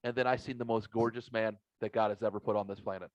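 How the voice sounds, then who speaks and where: A man's voice: on the low side, fast, dry recording, dull audio. Foul-mouthed podcast host man. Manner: profane, animated storyteller. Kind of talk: casual podcast chat.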